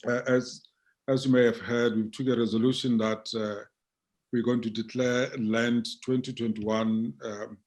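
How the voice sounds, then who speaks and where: A middle-aged man with a South African accent, an archbishop speaking in a conversational interview over a video call, halting and repeating his words with many fillers. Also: mid-range voice, little pitch movement, darkish tone.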